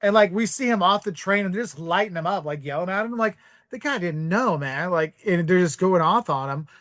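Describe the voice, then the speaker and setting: A man, a podcast guest, telling casual travel anecdotes in an animated way, acting out the voices of the people in them and using "like" a lot. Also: high voice, brisk. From United States. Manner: animated, acts out quoted voices, heavy use of "like".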